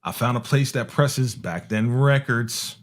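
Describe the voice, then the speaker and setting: A man from Harlem, a music producer telling a story in a casual, animated way and acting out the people in it. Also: medium pitch, a little slow. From Harlem, New York. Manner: animated, acts out other people's voices with slang.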